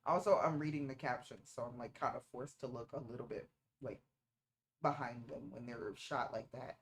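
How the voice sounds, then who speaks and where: A woman's voice: very deep voice, fairly even intonation, moderate pace, slight background noise. A woman streamer giving casual reaction commentary while watching a movie, playful and teasing and picking at small details.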